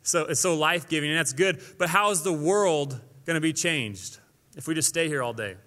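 Bright-voiced young preacher man in a hall. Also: on the high side, normal speed. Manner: energetic, conversational preaching with acted quotes. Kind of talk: sermon.

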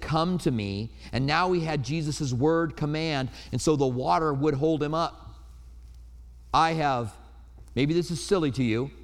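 A man preaching a sermon in an earnest, storytelling way, with personal anecdotes. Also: fairly high pitch. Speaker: pastor. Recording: reverberant hall.

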